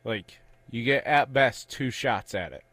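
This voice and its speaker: A man's voice: mid-range voice, unhurried, fairly bright tone, dry recording. Wry male sports radio co-host. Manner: conversational, wry, chiming in. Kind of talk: casual sports talk.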